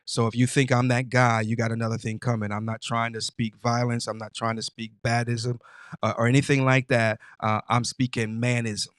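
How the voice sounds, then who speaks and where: A man's voice: mid-range voice, little pitch movement, moderate pace, clear, resonant tone, no room sound, studio quality. A man hosting his own show, talking in a casual, emphatic and preachy way with stammering restarts. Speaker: host. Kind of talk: casual motivational monologue.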